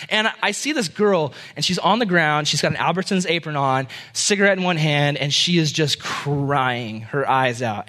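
A young adult man who is a pastor, telling animated personal stories in a sermon and acting out each quote. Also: fairly high pitch. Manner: animated, acts out every quote. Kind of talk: storytelling sermon.

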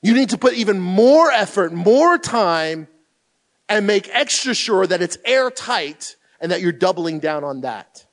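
A man preaching a sermon as pastor, emphatic and animated, with loud bursts when he reads scripture aloud. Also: high voice, a little slow.

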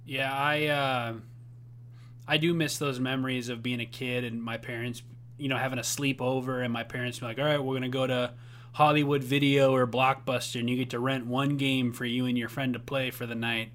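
Young guy cohosting a podcast, bright sharp voice, jokey and laughing a lot. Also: medium pitch, little pitch movement, slight background noise. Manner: joking, laughs often, quick bursts of enthusiasm. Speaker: podcast co-host. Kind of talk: casual chat.

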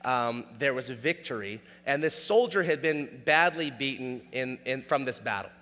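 Casual preacher with hall reverb. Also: male voice, medium pitch, lively intonation, normal speed, bright, forceful tone. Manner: casual, conversational, checks in with "all right?". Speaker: pastor. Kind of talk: sermon.

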